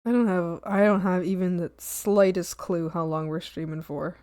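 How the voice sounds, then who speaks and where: A young woman streaming from home, chatting casually with lots of ums, giggles and sudden excited squeals. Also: normal speed, no echo, studio quality. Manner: bursts into high squeals and shouts when excited. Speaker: art streamer. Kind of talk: casual chat while reading chat. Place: home room. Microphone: desk mic at a streaming setup.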